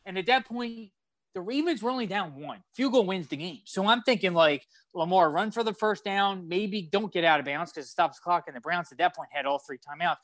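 Excitable sports-talk man, dry close sound. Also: sits high, brisk, dry recording. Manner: animated storytelling, acts out his own yelling. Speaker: sports podcast co-host.

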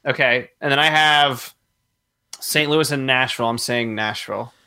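A young man co-hosting a casual sports chat, animated and laughing often as he thinks aloud. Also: mid-range voice, moderate pace, smooth. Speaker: podcast co-host.

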